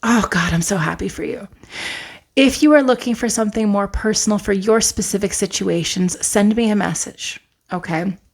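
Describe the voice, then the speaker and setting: A woman from Canada giving an excitable, emotional tarot pick-a-card reading. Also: mid-range voice, moderate pace, vocal fry. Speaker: tarot reader.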